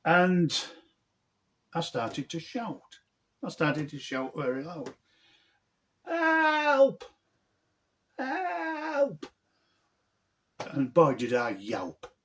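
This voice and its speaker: A middle-aged man, telling a funny story from his own life in an animated, earthy, self-mocking way. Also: medium pitch, slow pace. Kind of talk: humorous personal storytelling.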